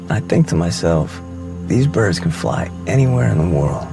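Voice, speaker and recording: A quiet, very deep-voiced outlaw. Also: male voice, very animated, moderate pace, vocal fry, loud music behind the voice, full character voice. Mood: musing. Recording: film audio with loud score.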